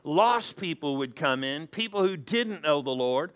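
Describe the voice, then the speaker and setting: A man preaching a sermon in church, animated and acting out quoted voices. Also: on the high side, measured pace, clear, resonant tone. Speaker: pastor.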